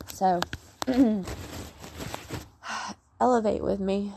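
A woman's voice: mid-range voice, steady tone, measured pace, long pauses, darkish tone, slight background noise. A woman outdoors giving an earnest, rambling faith testimony. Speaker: vlogger sharing faith message. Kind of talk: heartfelt spoken testimony.

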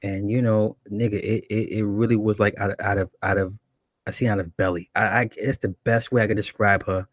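A man's voice: on the low side, steady tone, fairly quick, dry recording. A man telling a comic dating story in loose, profane street talk, full of laughing asides. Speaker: comedic storyteller.

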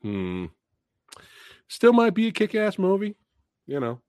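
A man hosting a live stream, reacting to movie trailers in a profane, animated way, laughing and booing. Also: sits high, measured pace, dry recording, clean studio sound.

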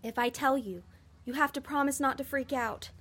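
A woman's voice: sits high, normal speed, a bit bright. Woman voicing a chirpy, eager young elf girl. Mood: earnest. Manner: earnest, chirpy, literal-minded. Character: eager naive young female elf, a housekeeping elf. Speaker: elf heroine. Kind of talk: family radio-play acting.

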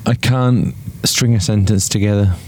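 A man's voice: on the low side, steady tone, moderate pace, a little mellow, slight background noise. A man with the hiccups, a little drunk, giving dry, wry replies while chatting in a car outside a football ground. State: hiccupping and tipsy. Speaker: podcast co-host. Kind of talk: casual matchday chat.

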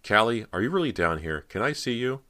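A man's voice: fairly low pitch, sing-song, a little fast, bright, forceful tone, voice pushed up. A man voicing a frightened teenage girl who speaks in a trembling, pleading way in an audiobook. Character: frightened teenage girl searching for her sister's ghost.

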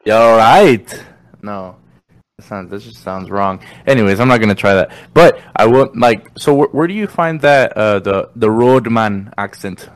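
Young male host from Mexico, low-ish voice, dry close mic, jokey and slangy. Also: normal speed, no room sound. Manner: loose, joking, slangy, swears. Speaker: podcast host. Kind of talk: casual chat.

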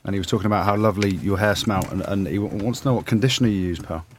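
A man's voice: on the low side, rapid-fire, a little hiss or hum. A man co-hosting a rugby podcast, chatty and teasing his guests. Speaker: podcast co-host. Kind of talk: casual chat.

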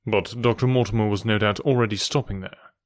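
A man reading aloud and voicing a keen, confident middle-aged detective who speaks in a measured, pointed way. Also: fairly even intonation, dry recording, clean studio sound, natural voice. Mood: probing. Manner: measured, precise and pointed, voice dropped lower.

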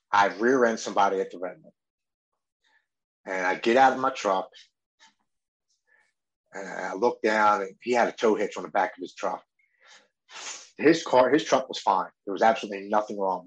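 Brief: man with a lowish voice, candid personal testimony, earnest and halting. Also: lo-fi sound. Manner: candid, earnest storytelling with stammered restarts. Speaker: speaker sharing his recovery story.

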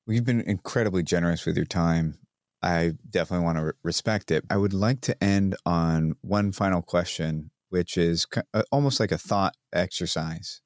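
Deep-voiced guy hosting a podcast, polite and thoughtful, bit halting. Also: no echo, clean studio sound. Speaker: podcast host. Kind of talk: interview questions.

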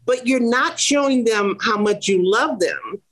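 A woman's voice: on the high side, measured pace, a bit bright. Emphatic woman giving frank parenting advice. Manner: emphatic, plain-spoken, acts out lines for emphasis. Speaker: parenting advisor. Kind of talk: casual advice talk.

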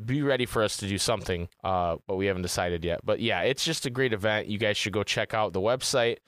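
A man's voice: lowish voice, fast talker, a bit bright, dry recording. A man co-hosting a gaming podcast in casual chat, rambling and swearing freely. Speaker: podcast co-host.

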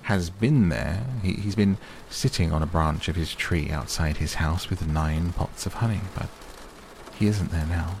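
A man's voice: low-pitched, a little slow, vocal fry, darkish tone, slight background noise. A man voicing a pompous, long-winded old male owl, with faint rain behind.

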